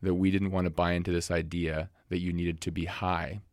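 A man's voice: low-pitched, flat delivery, brisk, a little mellow, no echo. A man co-hosting a podcast, chatting casually with dry, teasing humor. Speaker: podcast co-host. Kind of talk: casual conversation.

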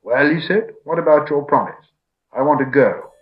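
A man's voice: a little high, moderate pace, pitched above the performer's own voice, natural voice. A man reading the lines of a small nervous male hobbit who tries to sound bold and cheerful, on a slightly dull recording. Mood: forced bold.

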